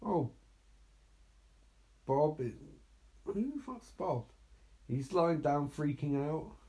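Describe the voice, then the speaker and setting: Animated sarcastic man riffing on a movie. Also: fairly high pitch, slow. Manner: sarcastic, exasperated, swears freely. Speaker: movie commentator. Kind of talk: live movie reaction commentary.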